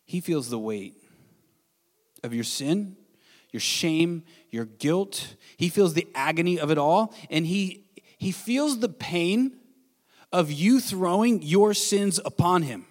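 A man pastor preaching an earnest sermon in a church, swinging between bold declarations and hushed, quiet passages. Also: fairly high pitch, expressive, slow, big-room sound. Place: church sanctuary.

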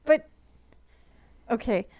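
A woman's voice: drawn-out words, warm tone, lo-fi sound. A woman co-hosting a casual chat, giggly and rambling. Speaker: podcast co-host.

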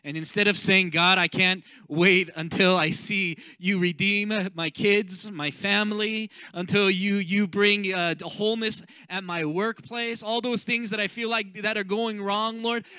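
A man's voice: sits high, pushed and bright, clean tone, no room sound. A male pastor inviting the congregation to stand and pray, leading in an earnest way. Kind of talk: closing prayer invitation.

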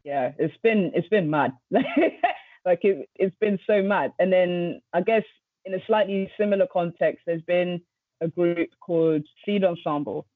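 A young woman DJ telling stories in a casual interview, animated and quick to act out what others said. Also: no echo. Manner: animated, acts out quotes with sudden jumps in pitch. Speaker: DJ and radio presenter, guest. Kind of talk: casual storytelling chat. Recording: tinny phone-like remote line, dry.

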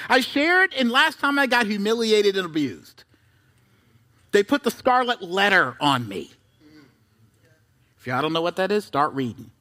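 A man preaching a sermon as pastor, conversational with rhetorical questions and asides, reading scripture with dramatic pauses. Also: very high voice, sharp tone.

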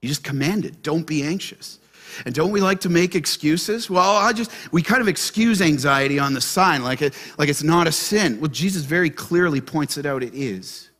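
A man preaching a sermon to his church, asking the congregation questions and shifting between loud emphasis and soft, gentle asides. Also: a little high, normal speed. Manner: animated, asks the congregation questions. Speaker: pastor.

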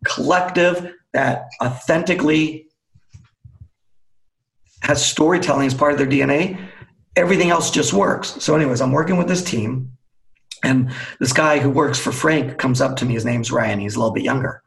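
A man, a team storytelling coach, telling a lively anecdote as a guest in a webcast interview, acting out the dialogue as he goes. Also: medium pitch, moderate pace, gravelly, rough recording. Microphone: video call.

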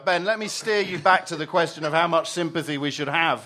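A man's voice: a little high, a little fast, pushed and bright. A man hosting a comedy panel show, giggling often while he steers the discussion back to the question.

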